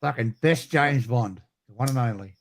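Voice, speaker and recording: A man's voice: medium pitch, normal speed. A man chatting on an online voice call, blunt and crude, swearing often. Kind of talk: casual online voice chat.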